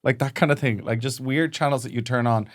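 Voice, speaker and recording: Young comedian guy rambling on a podcast, mid pitch, lots of likes. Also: fairly quick. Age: young adult. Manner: rambling, animated, filler-heavy. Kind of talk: casual chat.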